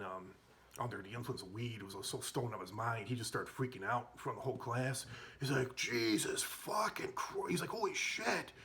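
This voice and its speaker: A man's voice: fairly low pitch, fairly bright tone. Rambling man telling stories. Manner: rambling, lots of fillers and restarts, chuckling. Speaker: vlogger telling school stories. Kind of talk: casual storytelling.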